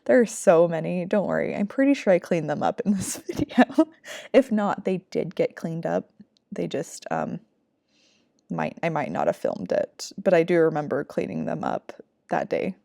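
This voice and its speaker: A woman's voice: fairly low pitch, very animated, moderate pace, vocal fry, dark tone, no echo, clean studio sound. A young woman chatting casually in a voiceover, rambling with laughing asides, as a vlogger and mother.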